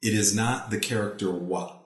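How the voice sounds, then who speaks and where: A man's voice: lowish voice, moderate pace, reverberant. A man hosting a casual language lesson, explaining patiently with frequent restarts. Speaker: podcast host.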